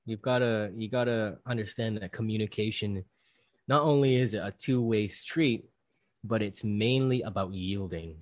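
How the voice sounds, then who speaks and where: A man who works as a mindfulness coach, speaking as a podcast guest and telling a story with animated delivery. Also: fairly low pitch, moderate pace, dry recording. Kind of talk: casual interview conversation.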